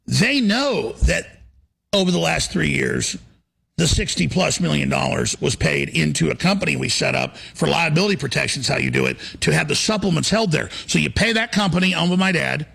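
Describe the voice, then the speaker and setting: A man hosting a talk radio show, ranting in a heated, forceful monologue. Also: on the high side, animated, fairly quick, gravelly, slightly rough.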